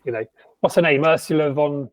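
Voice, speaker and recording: A man co-hosting a podcast in casual chat, animated and sardonic, stumbling through frequent restarts. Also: fairly high pitch, a little fast, slight background noise, rough recording. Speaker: podcast co-host.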